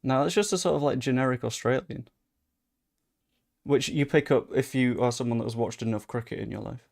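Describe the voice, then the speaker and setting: Young male streamer, gravelly tone, casual chatty gameplay commentary, excitable, swears. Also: mid-range voice, a little fast. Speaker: gaming streamer.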